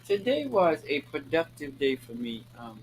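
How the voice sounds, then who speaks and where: A man's voice: a little high, big pitch swings, moderate pace, a little hiss or hum, rough recording. A man from Maryland hosting his own show, talking casually to his viewers in a sassy, flamboyant way, calling them honey and girl and swearing freely. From Maryland, USA. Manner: preachy and emphatic, repeating lines for effect. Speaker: host. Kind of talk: casual talking-head monologue.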